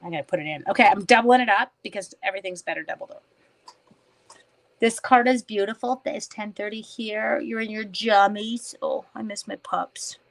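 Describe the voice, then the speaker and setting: A woman's voice: mid-range voice, normal speed, gravelly. Chatty woman crafting live on stream. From Canada. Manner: chatty, self-mocking, talks to viewers by name while working. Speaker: papercraft demonstrator live-streaming. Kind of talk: casual live-stream chat while crafting.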